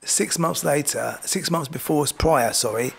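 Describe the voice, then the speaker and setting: With a slightly high voice, vocal fry and a measured pace, this man is heard over a little hiss or hum. He's a boxing coach from England, chatting through stories in a casual interview, mimicking other people's voices and often saying "do you know what I mean".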